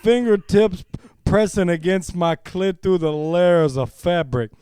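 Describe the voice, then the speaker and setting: A man's voice: sits high, a little slow, warm tone, smooth, no echo, studio quality. A man putting on a famous basketball commentator's voice to read erotica aloud in a hammy way. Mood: mock-serious. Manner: hammy mock-serious reading.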